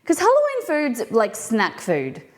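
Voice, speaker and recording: A woman's voice: fairly high pitch, wildly swooping pitch, measured pace, a little hiss or hum. A woman hosting a casual cooking live stream, chatting in a rambling way with many fillers and bouncy greetings. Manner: bouncy, sing-song greetings.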